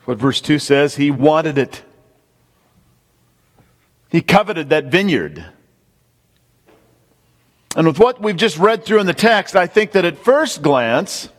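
A man preaching a sermon, emphatic, repeating key points and speaking straight to the congregation. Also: high voice. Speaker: pastor. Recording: long hall reverb.

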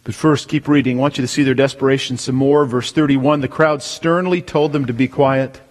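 A man preaching a sermon as pastor, emphatic, swelling to near-shouts on key words. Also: mid-range voice, fairly even intonation, a little fast, long reverb tail.

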